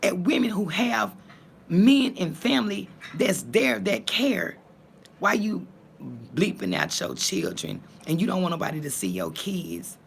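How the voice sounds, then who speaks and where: Woman vlogger, blunt and fiery, very gravelly, animated pitch. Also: unhurried, slight background noise. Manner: blunt and fiery, cursing, swinging between calm and heated. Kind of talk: casual talk to viewers.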